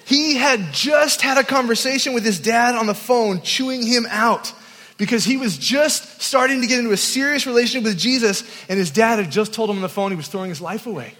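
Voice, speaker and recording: High-voiced man preaching in a reverberant hall. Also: fairly quick, pushed and bright. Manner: self-deprecating, humorous. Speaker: youth camp speaker. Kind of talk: storytelling sermon.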